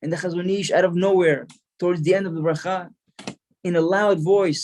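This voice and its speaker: Man, rabbi, storytelling sermon, earnest, fairly high voice. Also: steady tone, brisk, a little mellow. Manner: earnest, repeats words while telling the story.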